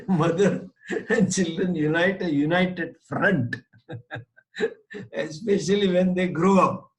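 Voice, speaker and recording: A man's voice: high-pitched, low-quality recording. A man giving a spiritual lecture as a teacher, making his points emphatically and illustrating them with a story. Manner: deliberate, anecdotal, emphatic.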